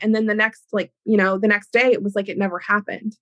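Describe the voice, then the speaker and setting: A woman hosting an educational podcast, explaining ideas in an animated way with everyday examples. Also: medium pitch, brisk, hardly any pauses, no room sound. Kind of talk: teaching talk on a podcast.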